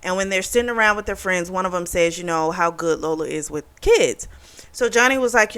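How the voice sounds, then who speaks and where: A woman hosts a book club with a fairly quick, fairly bright, clean voice on the low side. In a casual recap, she retells a novel's plot with profane indignation and voices the characters' quotes.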